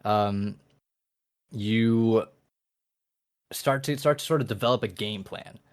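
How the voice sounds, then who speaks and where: A man's voice: lowish voice, takes it slowly. Hesitant man running a tabletop game. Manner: hesitant, lots of ums. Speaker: game master.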